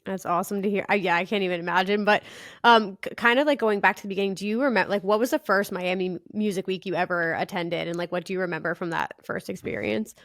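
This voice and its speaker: A woman's voice: mid-range voice, fairly even intonation, fairly bright tone, no echo, studio quality. A woman from New Jersey hosting a podcast, chatting casually with upbeat reactions. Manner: upbeat, quick reactions and laughs. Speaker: podcast host. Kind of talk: casual interview chat.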